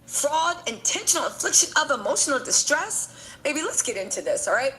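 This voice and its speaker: A woman giving a casual news breakdown, brisk and matter-of-fact, reading from notes. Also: high voice, very animated, bright, forceful tone, low-quality recording. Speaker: commentator.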